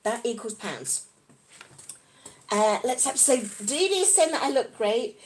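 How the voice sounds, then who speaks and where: Bubbly high-pitched woman vlogger. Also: a little slow, husky. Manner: bubbly, giggly, excitable. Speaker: vlogger reading live chat. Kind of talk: casual live-stream chat.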